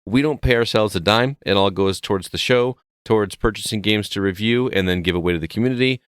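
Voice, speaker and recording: A man's voice: lowish voice, quick pace, clear, resonant tone, dry recording, studio quality. A man hosting a casual podcast, chatting easily and reading out the show's plugs. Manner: relaxed and chatty, reads show plugs. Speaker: podcast host.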